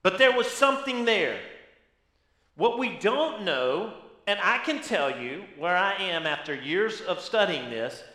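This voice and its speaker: A man's voice: high voice, very animated, a little slow, sharp tone, echoey room. A man preaching a sermon as pastor, teaching with emphasis and asking rhetorical questions.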